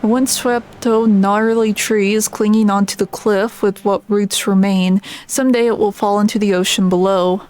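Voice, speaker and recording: A woman's voice: medium pitch, fairly even intonation, moderate pace, hardly any pauses, darkish tone. A woman streamer giving casual gameplay commentary, reading the on-screen text aloud and stumbling over names.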